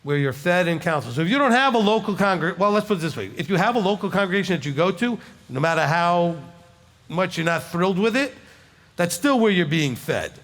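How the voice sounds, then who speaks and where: A rabbi from Alabama with a Southern US accent answers congregants' questions conversationally in a congregation hall, often adding "okay?" for emphasis. His voice is high, a bit bright and brisk, with lively intonation. A long reverb tail trails his words.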